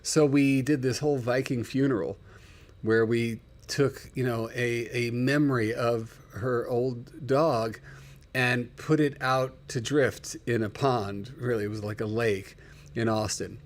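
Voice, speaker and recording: A man's voice: mid-range voice, fairly even intonation, a little slow. A man hosting a casual livestream, telling stories with open emotion and calling out his viewers by name. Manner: emotional, chatty storyteller who calls out viewers by name. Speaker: livestream host.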